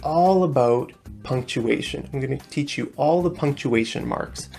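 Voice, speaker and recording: A woman's voice: a bass voice, gravelly, dark tone, faint music behind. A woman presenting a recorded English lesson in a friendly, explaining manner, with frequent "okay"s. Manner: friendly, repeats "okay" often, explains slowly. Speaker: English teacher.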